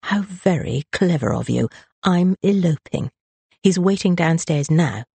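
A narrator voicing a sharp-tongued, impatient young woman who snaps and hisses her words. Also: mid-range voice, animated, measured pace, vocal fry, breathy edge, dry recording, pitched above the performer's own voice, exaggerated voice. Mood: snappish. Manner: acid, snappish.

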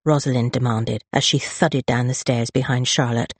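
An audiobook narrator reading a story in an expressive, lively way, close on the mic. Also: medium pitch, normal speed, no echo. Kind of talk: scripted narration.

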